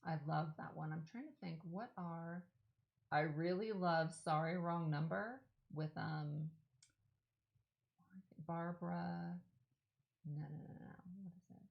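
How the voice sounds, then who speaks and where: A woman's voice: lowish voice, fairly even intonation, takes it slowly, vocal fry, pauses often, highs cut off. A woman hosting a casual live stream, chatting and answering viewer questions while she works, rambling and correcting herself as she goes. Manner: chatty, rambling, self-correcting, enthusiastic about films. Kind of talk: casual chat. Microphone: streaming setup while working on a craft.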